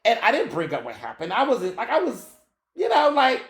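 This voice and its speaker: A man in his thirties hosting a podcast, telling a story in a casual, animated way and swearing freely. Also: extremely high pitch, a little fast, reverberant. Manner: animated, acts out quoted dialogue, swears freely. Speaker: podcast host.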